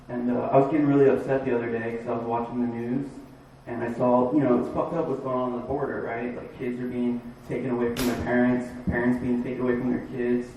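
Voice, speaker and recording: A man's voice: mid-range voice, little pitch movement, warm tone, distant mic, highs cut off, a little hiss or hum. Rambling comic man in an echoey bar. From Florida. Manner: halting, rambling delivery with many fillers. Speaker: stand-up comic. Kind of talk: stand-up comedy set. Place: dive bar.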